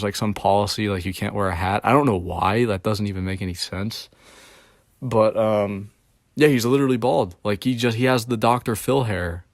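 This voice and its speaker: A man's voice: lowish voice, no room sound, studio quality. A young man telling a rambling, profane story about his job in casual chat, full of fillers. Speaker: streamer. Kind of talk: casual rant about work.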